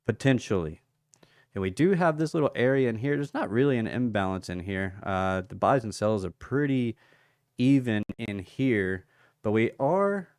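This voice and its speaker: A man with a lowish, smooth and clear voice hosts a relaxed livestream, taking his time as he greets viewers by name and thinks aloud over price levels. The sound is dry and close, with no room around it. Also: dry recording. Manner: chatty, reads out viewer comments and thinks aloud. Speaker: crypto livestream host. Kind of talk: casual livestream chart analysis.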